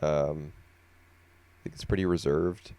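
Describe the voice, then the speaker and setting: Drowsy, low-voiced man on a podcast. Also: fairly even intonation, warm tone, no echo. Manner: thoughtful, unhurried, many fillers. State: sleepy, yawning. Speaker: podcast co-host. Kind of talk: casual podcast chat.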